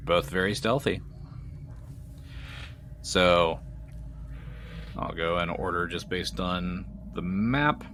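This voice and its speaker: A man with a very low voice runs a tabletop game, narrating scenes calmly and in detail. A faint hiss of noise sits behind him. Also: slow, pauses often. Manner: calm descriptive narration. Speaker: game master.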